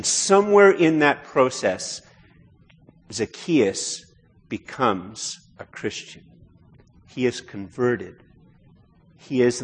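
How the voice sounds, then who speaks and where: A man preaching a conversational sermon as a pastor, turning animated when he quotes. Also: medium pitch, husky, in a large hall.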